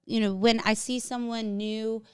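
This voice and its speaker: A woman hosts a casual podcast chat. She sounds bubbly, laughs often and swears freely. Her voice sits high and comes across smooth and clear. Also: flat delivery, measured pace, darkish tone. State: nauseous. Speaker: podcast host.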